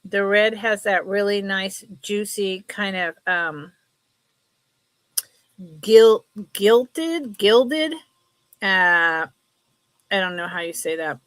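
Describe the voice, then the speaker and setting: Slow-talking chatty woman selling live. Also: mid-range voice, little pitch movement, sharp tone, clear, resonant tone, no echo. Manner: chatty, laughs often, slow and rambling. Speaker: live sale host. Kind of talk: casual live selling stream.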